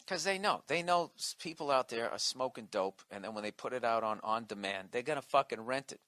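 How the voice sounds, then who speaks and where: Ranting comedian man, bright dry voice. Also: mid-range voice, animated, brisk, no echo. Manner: profane ranting, mocking impressions. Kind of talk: podcast rant.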